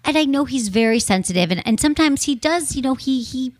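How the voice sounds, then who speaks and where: A shy wife from the Midwest calls in to a radio show, as a woman puts her on, her Michigan accent thick and her sentences halting and rambling. The voice sits high. It is recorded close and dry, with no room sound. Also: expressive, no echo. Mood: hesitant. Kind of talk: comic role-play as a caller.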